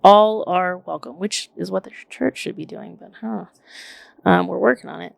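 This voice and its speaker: A woman in her thirties chatting casually on a podcast, telling stories in an animated way with lots of "like" and "literally", swearing now and then. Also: on the low side, moderate pace, gravelly, no room sound, clean studio sound. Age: 30s. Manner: animated, filler-heavy storytelling with frequent "like" and "literally". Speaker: podcast co-host. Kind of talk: casual chat.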